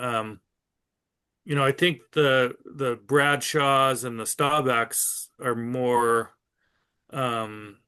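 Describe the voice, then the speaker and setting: Laid-back man trailing into ums. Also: mid-range voice. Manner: relaxed, trails off with frequent ums. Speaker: card collector guest. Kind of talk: casual podcast chat.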